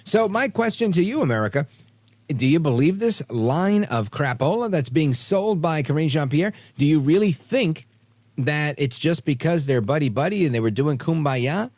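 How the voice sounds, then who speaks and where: A man's voice: fairly high pitch, moderate pace, no room sound. A man hosting a talk radio show, talking sarcastically and mocking the people he quotes. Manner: sarcastic, animated, mocks quoted voices.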